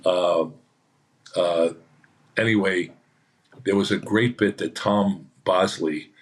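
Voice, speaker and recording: A man's voice: low-pitched, fairly even intonation, slow pace. A man, an actor on a podcast, telling rambling anecdotes in a chatty way and acting out what others said. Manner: chatty, acts out quoted voices. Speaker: actor guest.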